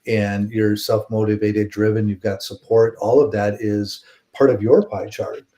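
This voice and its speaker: Male webinar host, low mellow voice, flat delivery, on a video call. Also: measured pace. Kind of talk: moderating a webinar.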